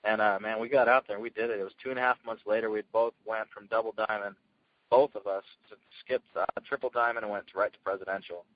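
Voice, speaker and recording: A man telling his success story as a guest speaker, energetic and earnest, in casual storytelling. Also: on the low side, fast, no room sound, muffled recording. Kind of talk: motivational call talk.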